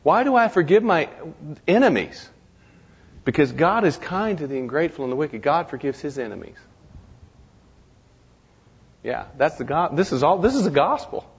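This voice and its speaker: A man talking through ideas in a reflective discussion, halting and restarting often. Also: a little high, sing-song, creaky, breathy edge, in a large hall, highs cut off. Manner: halting, many restarts and repeated words.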